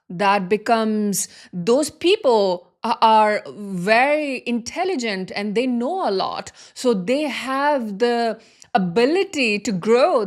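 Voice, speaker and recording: Earnest woman coach, slightly high voice. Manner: earnest, repetitive, emphatic phrasing. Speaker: wealth and healing coach. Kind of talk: motivational spiritual monologue.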